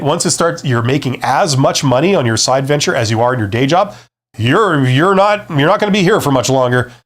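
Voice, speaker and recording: A man with a mid-pitched voice hosts a live stream on job hunting. He speaks conversationally and with emphasis, slowing down to stress key points and then speeding through asides as he reads out and answers viewer comments. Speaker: career advice host, former CEO. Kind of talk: live-stream Q&A, casual advice chat.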